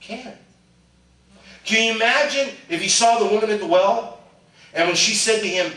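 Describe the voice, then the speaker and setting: A middle-aged male pastor preaching a sermon, swinging between loud animated bursts and hushed asides. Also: sits high, moderate pace, pauses often. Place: church sanctuary. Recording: echoey church sound from a distant mic.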